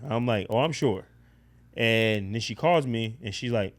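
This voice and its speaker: A man's voice: mid-range voice, normal speed. Blunt, profane man telling a story. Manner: profane, blunt, animated retelling. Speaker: podcast guest. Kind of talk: casual storytelling.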